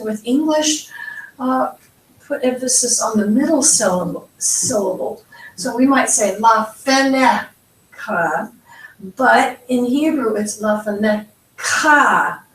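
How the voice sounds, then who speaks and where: An American Hebrew teacher with a high-sitting voice gives a slow, step-by-step pronunciation lesson, patiently and carefully spelling out sounds. She is recorded from a distance, off-mic, in an echoey room.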